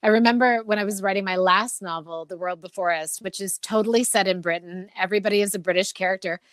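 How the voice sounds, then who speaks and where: A middle-aged woman author who reads her prose with a careful, rhythmic beat and talks about craft in an animated, expressive way. Her voice sits in a moderate middle register. The recording is close and dry. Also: medium pitch, no echo. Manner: rhythmic, measured reading; animated, expressive talk. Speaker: poet and novelist, guest author. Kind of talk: literary reading, then interview talk.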